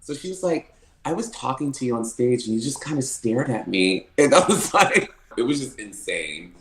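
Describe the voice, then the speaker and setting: A man telling stories as a podcast guest, animated, often laughing and acting out what people said. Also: medium pitch, normal speed, reverberant, low-quality recording. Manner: animated, laughing often, acts out quoted lines. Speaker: podcast guest, drag performer. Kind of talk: casual storytelling interview.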